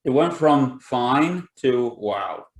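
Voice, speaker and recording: A laid-back man talks casually as a guest on a spicy food challenge, reacting with exclamations as it goes on. His voice sits at a middle pitch, and the room around him echoes noticeably. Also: lively intonation, takes it slowly.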